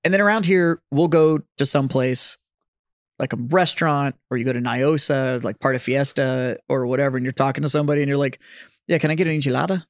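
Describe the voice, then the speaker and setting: A man's voice: medium pitch, a little fast, no echo, clean studio sound. A man from San Antonio, Texas, co-hosting a podcast, explaining things at length in casual chat with swearing and laughter. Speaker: podcast co-host.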